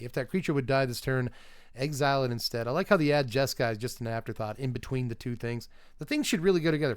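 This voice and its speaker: A man's voice: medium pitch, smooth, no echo. Chatty man thinking aloud, dry close sound. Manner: chatty, thinks aloud, rambling asides and restarts. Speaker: card game reviewer and streamer. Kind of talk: casual live-stream set review.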